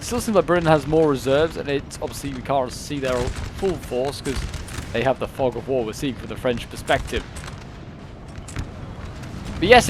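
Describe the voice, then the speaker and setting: A man casually commentating a strategy-game battle, chatty and excitable with lots of fillers. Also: fairly high pitch, very noisy. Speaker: gameplay commentator. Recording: loud gunfire and artillery from the game. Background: battle sounds, cannon and musket fire.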